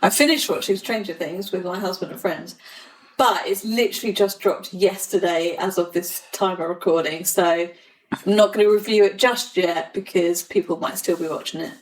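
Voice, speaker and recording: A woman's voice: fairly low pitch, normal speed, poor audio. A woman co-hosting a podcast, explaining things in a matter-of-fact, casual way. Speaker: podcast co-host.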